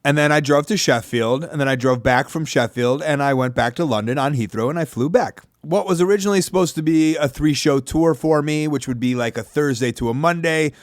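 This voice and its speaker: A man, hosting a podcast in a rambling, self-deprecating monologue with animated asides. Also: a little high, a little fast, hardly any pauses, no room sound, studio quality. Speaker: podcast host. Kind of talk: casual monologue.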